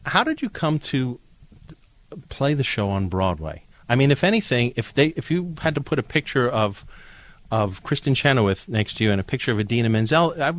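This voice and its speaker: A man's voice: mid-range voice, very animated, fairly quick. An American man interviewing a guest for radio, asking playful, teasing questions. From United States. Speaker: interviewer, theatre editor.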